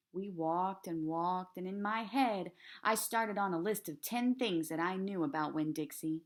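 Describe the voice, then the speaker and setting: A teacher reading a children's chapter book aloud in a calm, steady storytelling voice. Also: female voice, fairly low pitch, a little slow, hardly any pauses.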